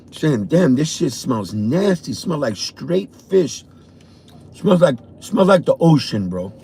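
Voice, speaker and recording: A man with a New York accent, a vlogger telling a profane, animated story from his car on a morning drive. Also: medium pitch, a little hiss or hum. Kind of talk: casual storytelling.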